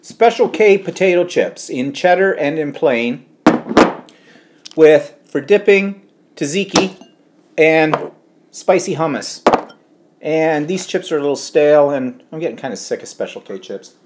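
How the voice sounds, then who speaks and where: A man's voice: a little high, lively intonation, measured pace, background noise. Chatty man hosting a live stream. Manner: chatty, rambling, stumbles over names. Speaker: livestream co-host. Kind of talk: casual chat reading viewer comments.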